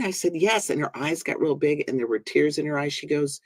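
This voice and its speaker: A man's voice: a little high, expressive, brisk, no room sound. A man hosting a spiritual talk show, telling his own stories in an earnest, conversational way. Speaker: host. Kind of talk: casual conversation.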